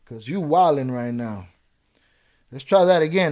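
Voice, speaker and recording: A man's voice: on the high side, expressive, unhurried, a little mellow. A man hosting a live reaction stream, reading chat comments aloud and firing back in profane street slang with a Chicago accent. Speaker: reaction channel host.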